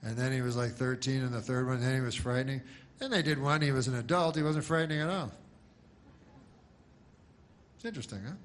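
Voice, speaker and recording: Man, stand-up comedian, deadpan, meandering, slow-burn delivery. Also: mid-range voice. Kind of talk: rambling stand-up.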